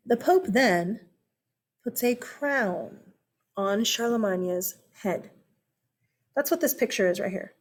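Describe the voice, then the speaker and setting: An American woman giving a casual, animated history lesson, chatty and full of asides and check-ins. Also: medium pitch. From United States. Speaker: history teacher. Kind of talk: casual classroom-style lecture.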